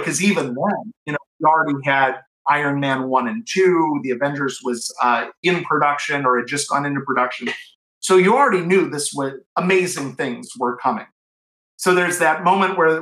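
A man's voice: a little high, fairly bright tone, reverberant, low-quality recording. A middle-aged man from Cleveland, telling enthusiastic stories as an author in an interview, with lots of restarts and fillers. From Cleveland, USA. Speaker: author and guest. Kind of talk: anecdotal interview storytelling.

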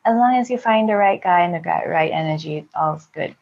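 A woman's voice: fairly low pitch, fairly quick, vocal fry, lo-fi sound. A woman from Singapore, telling frank personal stories casually and acting out her own quotes. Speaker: podcast guest, sex blogger. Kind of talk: candid casual storytelling.

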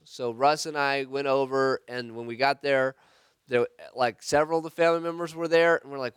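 A man leading a church group discussion, telling a story in an earnest, halting way with restarts. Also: medium pitch, fairly bright tone, smooth, no echo.

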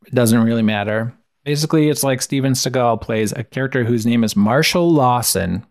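On a casual podcast, a male co-host briskly and wryly sums up a plot and its reviews, peppering his talk with filler words. His pitch sits in the medium range.

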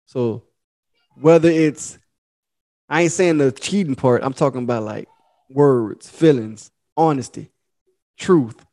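A young adult man co-hosts a casual podcast, telling loose stories through laughter and acting out the voices of people he quotes. His medium-pitched voice is warm, and he speaks slowly with frequent pauses.

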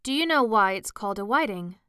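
Woman doing impatient male Gryphon, storybook, solemn, bossy, smooth voice, dry sound. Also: mid-range voice, lively intonation, brisk, pushed and bright, no echo. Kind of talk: storybook reading.

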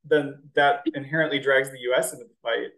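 A man's voice: medium pitch, fairly even intonation, fairly quick, gravelly, background noise. A young man co-hosting a podcast, chatting casually and explaining with jokey everyday comparisons. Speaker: podcast co-host. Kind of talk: casual chat.

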